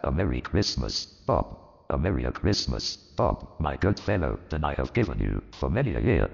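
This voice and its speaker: A man playing an old miserly man turned joyful and repentant, with a gravelly voice and a theatrical, animated delivery in an audio drama. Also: normal speed, full character voice. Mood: mock-stern. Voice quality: gravelly, very deep. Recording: reverberant, dull lo-fi, faint music.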